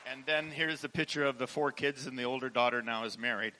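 In a low-quality recording with some background chatter and a bit of hiss or hum, a man with a bright, forceful, medium-pitched voice addresses a church. As a charity founder giving testimony, he tells his story with emotion, often laughing and stumbling into restarts.

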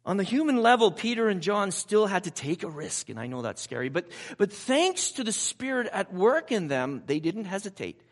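A male preacher with a high voice that leaps up and down as he talks. He delivers his sermon conversationally, trading personal asides for rhetorical questions to the congregation. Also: very animated, normal speed, few pauses. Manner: asks the audience rhetorical questions.

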